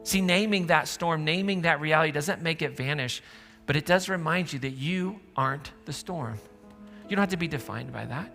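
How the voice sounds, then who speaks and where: A man's voice: on the high side, normal speed, creaky, pushed and bright. A man preaching a sermon, conversational and joking with the congregation. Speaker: pastor. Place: church auditorium. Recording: church hall reverb with faint music.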